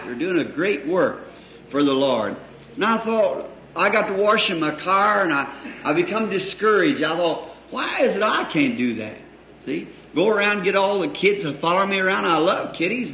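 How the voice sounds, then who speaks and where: A man's voice: high-pitched, fairly bright tone. A man preaching a sermon in a folksy, storytelling way, drawing out phrases for emphasis and chuckling between lines. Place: church hall before a congregation. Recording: echoey old hall recording with faint hiss.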